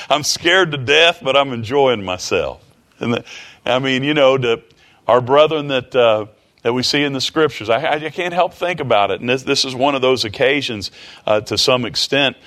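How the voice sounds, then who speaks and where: Male preacher, folksy sermon delivery, repeats himself, average pitch. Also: moderate pace, fairly bright tone. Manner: folksy, repeats phrases, chuckles often.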